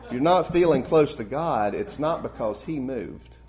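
A man's voice: medium pitch, expressive, normal speed. Earnest male preacher with rising emphasis. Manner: earnest, rises to emphatic peaks then drops soft. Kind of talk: sermon.

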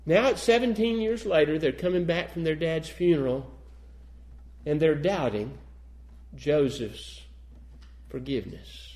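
A man's voice: on the high side, unhurried, pauses often, darkish tone. A man preaching a sermon, reading old-fashioned scripture aloud and then pressing his points with rising emphasis.

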